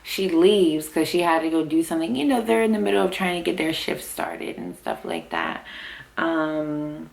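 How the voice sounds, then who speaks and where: Young woman vlogger, low gravelly voice, rambling chatty story to camera at home. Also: very animated, normal speed, darkish tone. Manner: chatty, says "like" constantly, laughs often. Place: at home with her baby.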